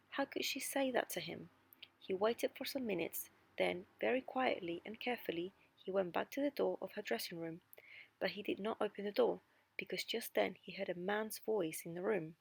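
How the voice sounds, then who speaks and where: A woman narrating a graded reader story in a calm, clear storytelling manner. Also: medium pitch.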